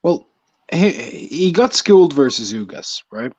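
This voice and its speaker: A man co-hosting a boxing chat, giving measured fight analysis and teasing his partner. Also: fairly high pitch, sing-song, darkish tone, husky, no room sound, highs cut off.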